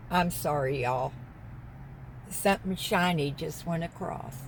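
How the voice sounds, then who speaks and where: A deep-voiced woman vlogger rambles casually and unhurriedly from her car, parked in a parking lot. She's chatty and wandering, easily sidetracked mid-story. The recording is rough, with a little hiss or hum.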